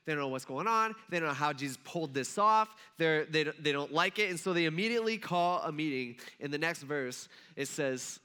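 A man's voice: a little high, animated, fairly quick, few pauses, pushed and bright, clean tone. A man preaching a casual storytelling sermon, chatty, who acts out the characters as he retells the story.

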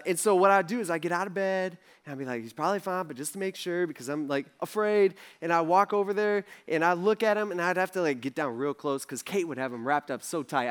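A man's voice: fairly high pitch, fairly bright tone, smooth. A young man giving a casual sermon, telling stories in a chatty way, acting out people's words with lots of fillers. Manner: chatty, acts out characters in quotes, lots of fillers. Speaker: pastor.

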